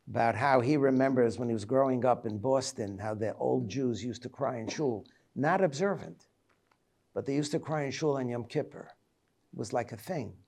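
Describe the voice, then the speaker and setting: His voice is middle-pitched and darkish, with a gravelly, creaky edge: a rabbi in his seventies delivering a reflective Tisha B'Av lecture. He recalls personal stories in a halting way.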